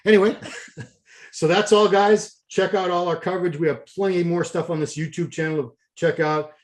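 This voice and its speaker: A chatty male host talks in a fairly high voice, wandering through schedules and jokes. His delivery is loose and rambling, like a casual show wrap-up. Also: fairly even intonation, moderate pace.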